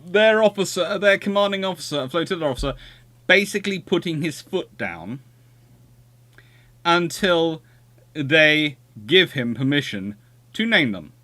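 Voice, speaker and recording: A man hosting an unscripted livestream history talk, ranting in animated bursts with exasperated asides and answering viewers. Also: fairly high pitch, measured pace, long pauses, no echo. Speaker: history show host.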